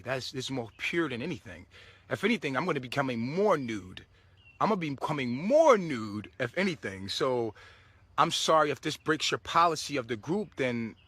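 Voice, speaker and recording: A man's voice: medium pitch, bright, forceful tone, breathy edge, no room sound. A man giving a casual spiritual monologue to his viewers, preachy and swearing freely, often breaking into laughter. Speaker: spiritual vlogger.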